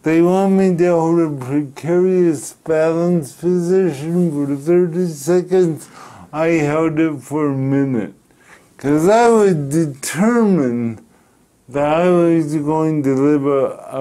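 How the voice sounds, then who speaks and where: A middle-aged man from Canada, telling a personal story in an interview, speaking slowly and deliberately with pauses. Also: a little high, mellow. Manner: slow, deliberate speech with pauses and restarts. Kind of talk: reflective storytelling.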